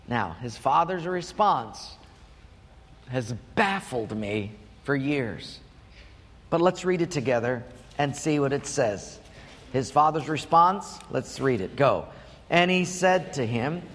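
A man preaching a sermon as pastor, telling stories in an emphatic, animated way. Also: mid-range voice, slow, big-room sound. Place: church.

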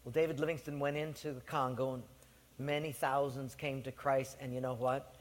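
A man's voice: mid-range voice, level tone, moderate pace. A man preaching a sermon, telling the story with animation and acting out the voices of its people. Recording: long hall reverb.

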